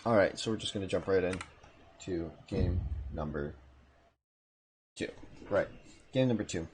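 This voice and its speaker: A man's voice: deep voice, measured pace, a little hiss or hum. Chatty man casting a strategy game. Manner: relaxed, chatty, self-correcting asides. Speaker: esports caster. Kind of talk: live game commentary. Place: home room.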